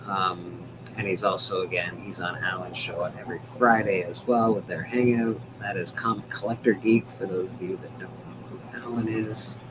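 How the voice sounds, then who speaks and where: A man's voice: deep voice, fairly even intonation, normal speed, hardly any pauses, background noise. A man hosting a casual livestream chat from home, rambling, laughing often and swearing now and then. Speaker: livestream host.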